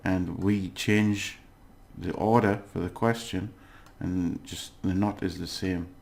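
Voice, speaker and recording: A man with a very low voice walks through a lesson recap in a relaxed, unscripted way. He is patient and keeps checking in with the listener, pausing often to gather his words. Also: creaky. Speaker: language teacher. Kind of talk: casual recorded lesson recap.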